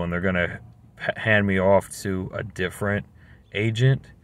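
A man's voice: low-pitched, fairly bright tone, slight background noise. A man telling a story in a casual, rambling, exasperated way, full of slang. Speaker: vlogger.

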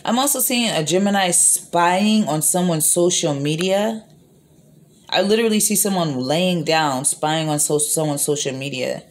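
Woman tarot reader, slightly low voice, recorded on a phone. Rambling, blunt, casual delivery. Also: measured pace, a little hiss or hum. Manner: rambling, repeats herself, frequent fillers; profane, blunt.

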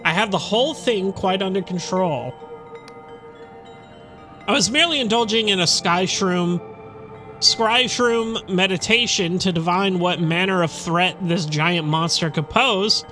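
A fretful, nervously polite female village mayor from a fantasy game, voiced by a man. The high, bright voice fusses in a slow, anxious way. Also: faint music behind. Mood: flustered. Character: flustered middle-aged female village mayor. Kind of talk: reading game dialogue aloud.

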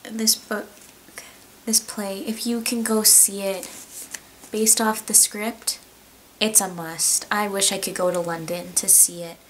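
A woman talks to camera about a book she loves in a casual home vlog. Her voice sits at a middle pitch, and she is earnest and gushing, restarting her sentences as she goes. A faint hiss runs under the recording. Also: flat delivery, a little slow, a bit bright, low-quality recording. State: tearful, voice breaking. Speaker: book vlogger.

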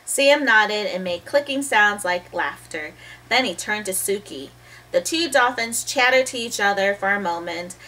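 With the mic placed at a distance, a mid-pitched woman reads a children's chapter book aloud in a lively, expressive style. Every so often she stops to talk about the pictures.

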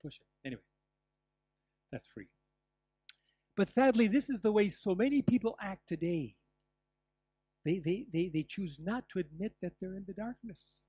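An older man preaching a sermon as pastor, telling stories with lively asides and the odd laugh. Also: high voice, moderate pace, long pauses, no room sound. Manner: animated storytelling with asides and laughs. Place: church.

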